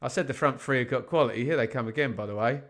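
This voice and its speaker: Talking quickly in a medium-pitched, fairly bright voice, this man runs a live football watch-along full of fan commentary. He chats with his viewers, calls out results from other matches and poses rhetorical questions to the chat.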